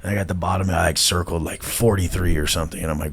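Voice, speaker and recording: A low-voiced man in his thirties talks as an interview guest. He is blunt and profane and mocks people, often breaking into loud imitations of them. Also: flat delivery, fast.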